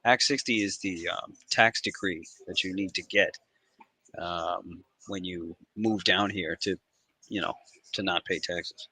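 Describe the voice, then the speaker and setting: A lowish male voice with a bright, forceful edge, hosting a casual trading livestream. He talks in excitable, profane banter. The sound is close and dry. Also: measured pace, husky, no echo, rough recording.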